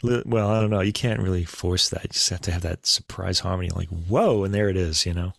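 A man co-hosting a casual podcast, chatting about classical recordings in a relaxed way with fillers and asides. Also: low voice, fast, vocal fry, no echo. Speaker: podcast co-host.

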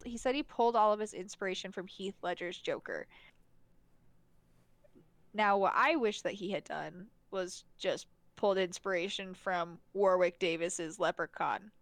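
A young woman talks through a movie plot as a podcast co-host, loose and chatty, stumbling over her words and laughing as she goes. Her voice sits at an ordinary middle pitch. The recording is close and dry, with no room sound. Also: moderate pace, no echo. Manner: chatty, laughs often, many fillers and restarts. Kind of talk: casual chat reviewing a movie.

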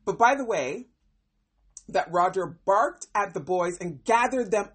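A woman hosting a podcast that reviews a TV series, talking casually in an animated, expressive way, often exclaiming and laughing. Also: medium pitch, unhurried, breathy edge.

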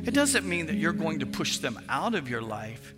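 A male pastor preaching a sermon in an animated storytelling manner, acting out phone calls with friends. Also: a little high, moderate pace, long reverb tail, loud music behind the voice.

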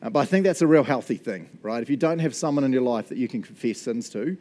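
A pastor speaks fast in a slightly mellow, mid-range voice, preaching a relaxed and enthusiastic sermon. He checks in with the congregation often, laughs frequently, and tacks "right?" and "eh?" onto his lines.

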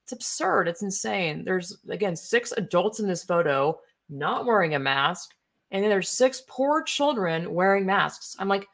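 A woman's voice: on the low side, animated, normal speed, creaky, a bit bright. A young woman giving casual, rambling commentary on online posts, indignant and profane, with many fillers. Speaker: political commentary streamer. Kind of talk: casual ranting commentary while browsing posts.

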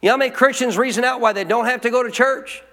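A man's voice: extremely high pitch, rapid-fire, fairly bright tone. A male pastor preaching a sermon in a church, emphatic, calling out to the congregation for responses. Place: church sanctuary. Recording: long hall reverb.

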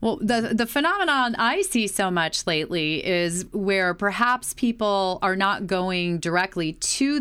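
Smooth-voiced woman, easygoing talk. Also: mid-range voice, a bit bright. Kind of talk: casual chat.

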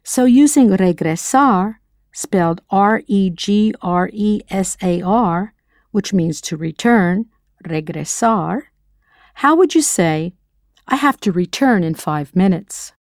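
A woman's voice: medium pitch, expressive, slow, darkish tone, no echo, studio quality. A woman narrating a scripted audio language lesson, quizzing the listener with playful questions. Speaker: language teacher.

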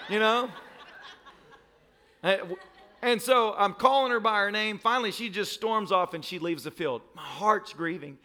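A man's voice: high voice, normal speed, background noise. A pastor in his thirties preaching a sermon, telling a story with laughter and a voice that cracks upward. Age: 30s.

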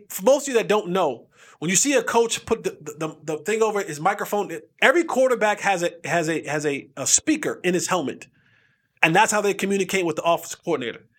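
Casting note: man, fairly high voice with a wide, bouncing pitch, podcast host spinning an emphatic sports tale. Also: fast talker. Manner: lively, emphatic, acts out quotes with repeated phrases. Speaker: podcast host, former football player. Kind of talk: animated storytelling.

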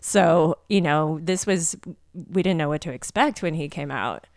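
Woman co-host, lively casual chat, lower pitch, dry recording. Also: unhurried, no echo. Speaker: podcast co-host.

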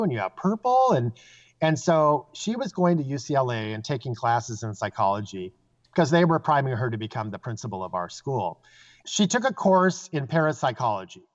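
A man, a psychic guest, telling stories casually and acting out the voices of the people in them. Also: medium pitch. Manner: animated storyteller, acts out quoted voices. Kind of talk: casual storytelling. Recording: dull lo-fi sound.

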